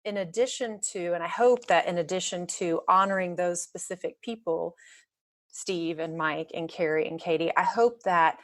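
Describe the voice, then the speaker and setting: A woman interviewing a fellow podcaster, speaking in a reflective, measured conversational way. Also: lowish voice, no room sound.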